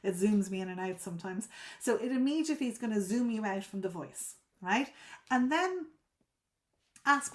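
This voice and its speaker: A woman's voice: medium pitch, lively intonation, moderate pace. A woman coaching a group on a live video call, explaining at length. She often repeats and restarts words and checks whether listeners follow.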